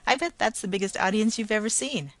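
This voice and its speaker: A woman reading a story, voicing a brusque, blustering male parade manager who talks loudly and hostilely. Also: medium pitch, fast, no echo, pitched above the performer's own voice. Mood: jovial. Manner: blustering, loud, hostile then jovial.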